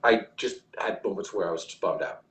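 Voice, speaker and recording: A man's voice: low voice, fairly quick, a bit bright, reverberant, a little hiss or hum. A man hosting a casual livestream, reading viewer comments aloud in a rambling way with frequent restarts. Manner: rambling, restarts often, reads chat aloud. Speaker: livestream host.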